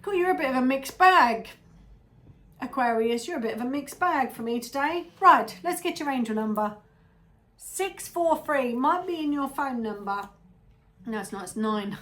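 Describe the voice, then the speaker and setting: A woman's voice: high voice, lively intonation, moderate pace, a bit bright. A woman giving a casual tarot reading to her viewers, chatty and rambling, often drifting into little asides. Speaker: tarot reader.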